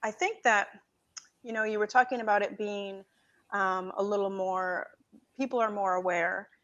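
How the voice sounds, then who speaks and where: A woman talking as a guest in a relaxed chat, wandering through her thoughts and perking up when something matters to her. Her audio comes through dull and lo-fi, with the top end muffled. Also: mid-range voice, normal speed. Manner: rambling, many fillers and restarts, animated when making a point. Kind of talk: casual conversation.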